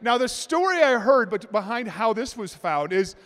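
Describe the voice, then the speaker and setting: A male speaker delivers a conference talk, joking and acting out anecdotes with plenty of energy. His voice sits unusually high for a man. A long reverb from the hall trails after his words. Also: moderate pace. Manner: animated, joking storyteller. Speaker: conference presenter.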